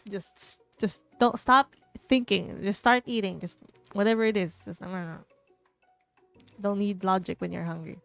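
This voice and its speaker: A woman's voice: medium pitch, fairly even intonation, moderate pace, gravelly, faint music behind. A young woman streamer playing a dating game aloud, reading the narration with playful, jokey asides.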